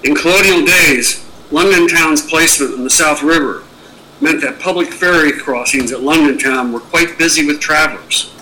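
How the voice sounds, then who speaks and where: Bright-voiced man reading a prepared statement. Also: on the high side, slight background noise, rough recording. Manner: measured, reads a prepared speech. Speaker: president of a historic site foundation.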